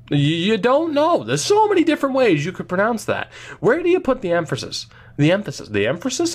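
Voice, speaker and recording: A young man casually commenting on his hockey video game franchise, playful and self-mocking, with drawn-out pauses. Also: mid-range voice. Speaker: gaming video host.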